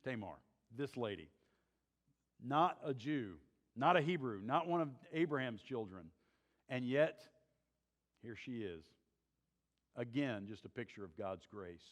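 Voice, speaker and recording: A man's voice: medium pitch, animated, measured pace, long pauses, big-room sound. A man teaching a church Bible survey class, retelling a story in a conversational, folksy way with chuckling asides.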